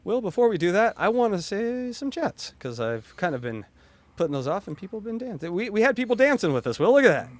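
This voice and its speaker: A man co-hosting a casual sports podcast, loud, profane and jokey. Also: sits high, sing-song, fast talker. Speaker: podcast co-host.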